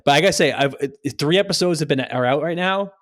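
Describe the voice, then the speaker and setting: Halting man co-hosting a podcast. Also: fairly high pitch. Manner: halting, searches for words. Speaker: podcast co-host. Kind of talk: casual podcast chat.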